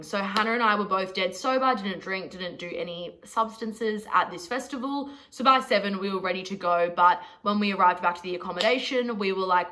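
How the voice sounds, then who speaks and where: A woman's voice: medium pitch, bright, forceful tone. A young Australian woman telling a story to camera in a chatty, sweary, self-mocking vlog. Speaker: vlogger.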